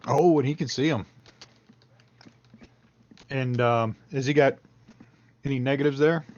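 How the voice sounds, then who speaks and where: A man's voice: mid-range voice, steady tone, measured pace, darkish tone, dry recording. Male tabletop player, loose and profane, dry dull sound. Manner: casual, swears freely. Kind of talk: playing a tabletop game. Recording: dry, slightly muffled online audio.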